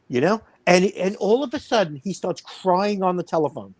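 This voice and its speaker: A man's voice: high voice, lively intonation, a little fast, few pauses, a little mellow. Heated fifty-something guy, bragging, dry mic, no room echo. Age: 50s. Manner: blunt, boastful, heated. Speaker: wrestling promoter and guest. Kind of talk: casual storytelling.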